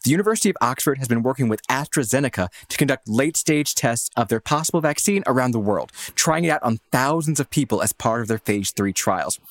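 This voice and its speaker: A man's voice: mid-range voice, fast talker, few pauses, no room sound, clean studio sound. A man co-hosting a news podcast, mixing wry casual banter with scripted news reading. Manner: lively, wry, expressive delivery.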